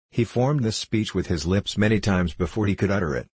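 A man narrating a classic novel in a measured, solemn storytelling manner. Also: fairly low pitch, darkish tone, slightly rough, no echo. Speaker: audiobook narrator. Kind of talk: scripted narration.

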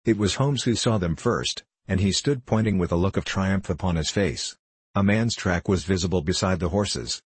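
A man narrating a classic detective story as an audiobook reader, telling it in a steady, even way. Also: low-pitched, moderate pace, slightly rough, no echo.

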